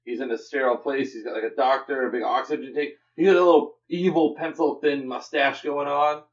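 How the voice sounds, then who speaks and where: A man's voice: mid-range voice, fairly even intonation, a little fast, distant mic, dull audio. A young man co-hosting a comics podcast, joking and teasing in casual banter. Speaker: podcast co-host.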